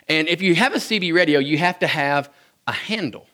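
A Kentucky man tells an audience funny stories from his childhood, folksy and joking and chuckling often. His voice is a little high and a bit quick, with lively intonation and a pushed, bright quality.

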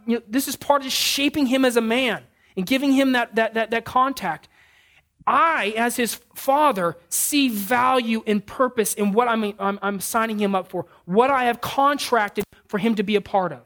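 A man preaching a sermon, telling stories in an animated way and often restarting his sentences. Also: very high-pitched, normal speed. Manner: animated storytelling with frequent restarts. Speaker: pastor.

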